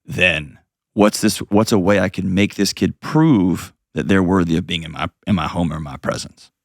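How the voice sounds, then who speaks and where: Deep gravelly middle-aged man. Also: moderate pace, no echo, studio quality. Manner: earnest, emphatic, repeats phrases for stress. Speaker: call-in show host and counselor. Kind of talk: call-in advice talk.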